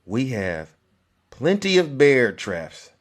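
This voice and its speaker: On his political commentary live stream, a man speaks slowly in a mid-range, sing-song voice. His prepared text is delivered with mock solemnity, punctuated by teasing, sarcastic asides to the audience.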